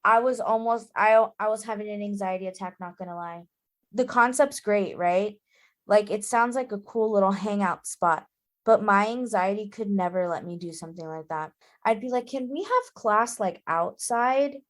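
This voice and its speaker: Emphatic woman podcast co-host. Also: medium pitch. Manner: emphatic and exclamatory, quick to get indignant. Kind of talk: casual book-club chat.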